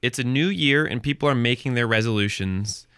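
A man hosting a community radio food show, introducing segments and interviewing a guest in the studio with a measured announcer delivery. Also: mid-range voice, a bit bright, clear, resonant tone, no room sound. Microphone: studio microphone.

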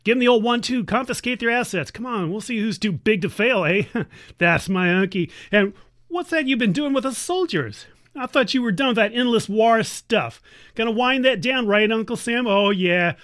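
A woman's voice: a little high, expressive, moderate pace, pitched above the performer's own voice, natural voice. A woman playing a nagging, sarcastic niece. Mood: scolding. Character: exasperated woman scolding her warmongering uncle. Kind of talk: satirical radio monologue.

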